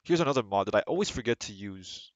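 A man's voice: lowish voice, expressive, quick pace. A man streaming a game live and chatting casually, rambling and tripping over repeated words. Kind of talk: casual live gameplay chat.

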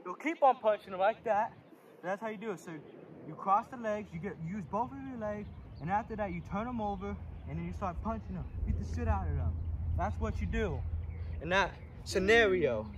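A man playing a hot-headed, high-voiced fight instructor. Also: lively intonation, brisk, dull audio. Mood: blustering. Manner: cursing, blustering, filler-heavy. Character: hot-tempered foul-mouthed male fight instructor. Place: outdoors in hot sun. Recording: distant mic, clear outdoor noise.

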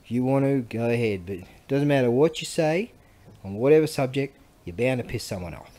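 A man's voice: medium pitch, lively intonation, brisk, mellow. Rambling, joking man talking to camera. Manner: rambling, crude and joking, with mumbled asides. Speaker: vlogger selling Japanese goods. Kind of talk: casual rambling monologue while working with tools.

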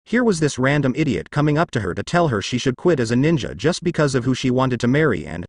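A man's voice: medium pitch, big pitch swings, brisk, no room sound, clean studio sound. A young man reading fan fiction aloud as narrator, telling the story expressively.

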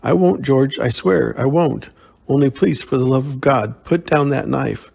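A man reading aloud, voicing a frightened young woman who pleads for her life, raising his gravelly voice. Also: unhurried, a little mellow. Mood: pleading. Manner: pleading, shrill with fear.

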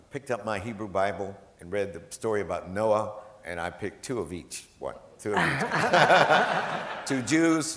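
A man with a mid-range, slightly bright voice is a guest speaker at a gala. He delivers funny stories to the live audience in a relaxed, joking style, repeating what the people in them said. The large event hall makes the recording echo.

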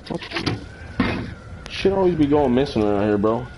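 Relaxed, foul-mouthed male streamer joking at home, mid pitch, noise in the background. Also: normal speed, pauses often. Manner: laid-back, profane, joking. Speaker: game streamer. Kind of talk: casual live-stream chat. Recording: noisy home stream audio.

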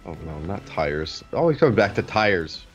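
Joking man with a low voice. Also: very animated, normal speed, highs cut off. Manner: joking, teasing. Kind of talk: casual gaming commentary.

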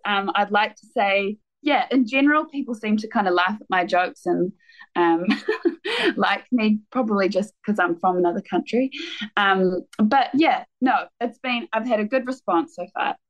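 A woman's voice: mid-range voice, moderate pace, muffled recording. A woman from New Zealand with a New Zealand accent, a musician in her thirties talking casually in an interview, laughing often and restarting her sentences. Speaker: guest musician.

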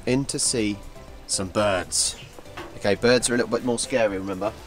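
A man from England, chatting excitedly in a casual travel vlog at an outdoor wildlife park. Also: fairly low pitch, normal speed, over music. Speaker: travel vlogger.

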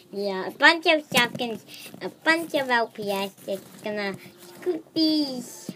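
A woman voicing a bubbly toy-pet girl host who rambles on in a high, lively voice. She talks at an easy pace, with faint outdoor sound around her. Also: takes it slowly, noisy background. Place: backyard outdoors.

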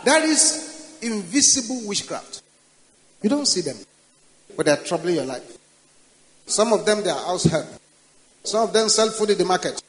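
Nigerian pastor preaching in a large reverberant hall. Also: male voice, high voice, expressive, moderate pace, pauses often, crowd noise. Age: older. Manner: preaching with rising commanding prayer declarations. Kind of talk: sermon with prayer.

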